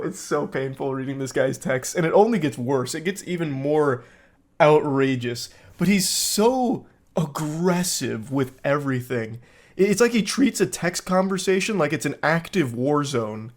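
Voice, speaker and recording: A man's voice: fairly high pitch, lively intonation, measured pace. A young man giving sarcastic comedic commentary while reading text messages aloud. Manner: sarcastic, dry. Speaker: YouTube commentator.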